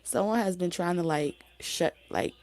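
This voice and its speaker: A woman giving a casual spoken tarot reading, talking loosely with many fillers and restarts, her voice going hoarse. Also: on the low side, normal speed, a little mellow. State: losing her voice. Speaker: tarot reader.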